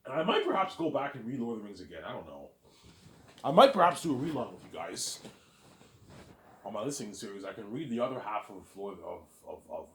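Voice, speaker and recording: A man's voice: lowish voice, reverberant. A man hosting his own listening series, rambling in a casual, boastful monologue and often repeating words as he restarts.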